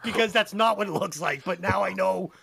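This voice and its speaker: Vocal fry and a slightly fast pace mark this podcast host's high voice, with crowd noise in the background. He's profane and animated, spinning crude stories and reviewing an album.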